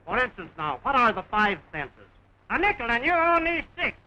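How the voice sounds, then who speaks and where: An actor playing a comedian in a cross-talk gag, bantering, with a scratchy 1920s film sound and noise. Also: male voice, very high-pitched, big pitch swings, normal speed, highs cut off. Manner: bantering, laughing between lines.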